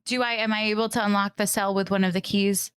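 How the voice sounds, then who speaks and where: A woman's voice: medium pitch, fairly even intonation, fast, a bit bright, smooth. A woman playing a tabletop game, asking questions in a matter-of-fact way. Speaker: player.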